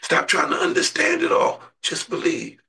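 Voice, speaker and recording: A man preaching a sermon and leading a prayer, impassioned, surging from hushed to shouting. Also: very high-pitched, big pitch swings, moderate pace, far from the mic.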